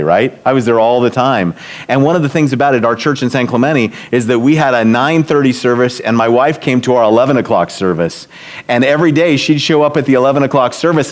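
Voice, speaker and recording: A middle-aged man gives a talk to church leaders. He tells personal stories in a plain voice of middling pitch and acts out the lines of others with a higher, livelier delivery. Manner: warm storytelling, acts out quotes with raised voice. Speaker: speaker at a church leadership event. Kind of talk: storytelling talk.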